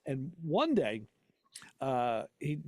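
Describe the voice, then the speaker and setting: Speaking extremely slowly, a mechanic who hosts a casual podcast talk show tells meandering shop stories and laughs often. He is a man with a mid-range, darkish voice full of big pitch swings. No echo is present.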